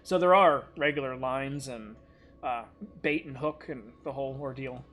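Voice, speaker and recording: A man's voice: mid-range voice, moderate pace, fairly bright tone. A man running a tabletop game as game master, explaining scenes casually with some swearing.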